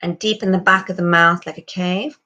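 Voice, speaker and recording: A woman leads a lesson in a calm, instructive way. She speaks in a somewhat low voice and slows down to model sounds clearly. She pauses so the learner can repeat after her. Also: dull audio. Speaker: accent coach. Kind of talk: pronunciation lesson.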